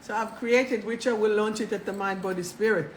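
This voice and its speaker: A woman hosting a live spiritual talk, chatty and animated, swearing casually and laughing at herself. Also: medium pitch, fairly quick, slight background noise, poor audio. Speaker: spiritual coach and live show host.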